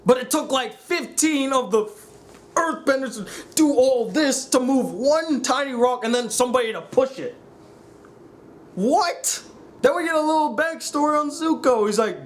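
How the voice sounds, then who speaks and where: A young man reviewing a film in a sarcastic, exasperated rant, mocking the characters' lines in put-on voices. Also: sits high.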